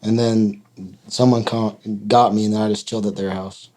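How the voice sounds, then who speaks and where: A young man speaks in a flat, mellow voice, keeping his words short and his tone low-key. His delivery barely rises or falls as he tells his part. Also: normal speed. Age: young adult. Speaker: guest. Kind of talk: casual family conversation.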